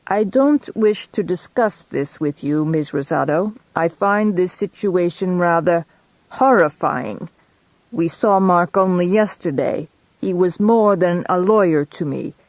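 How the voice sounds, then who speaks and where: A woman's voice: fairly low pitch, a little slow, a little mellow, no room sound, close to an everyday voice, poor audio. A woman doing a stiff, cold doctor with a stilted accent. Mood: cold, formal. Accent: foreign, stilted. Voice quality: stiff and formal. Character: formal male doctor, distant and cold.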